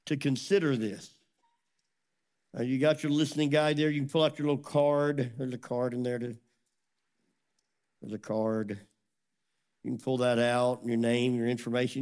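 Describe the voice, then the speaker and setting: A middle-aged man preaching a sermon as a pastor, telling a story with lively acted-out dialogue. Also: medium pitch. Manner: animated storytelling, acts out dialogue.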